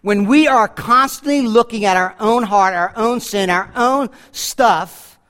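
Male pastor, high voice, earnest conversational sermon, church reverb. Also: unhurried, fairly bright tone. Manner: earnest, conversational preaching with emphatic asides. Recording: reverb from a large hall.

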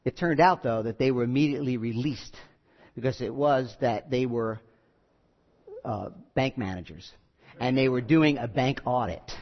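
A man preaching a sermon, telling stories with quoted voices and lively asides. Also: medium pitch, moderate pace. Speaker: pastor. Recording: muffled audio with long hall reverb.

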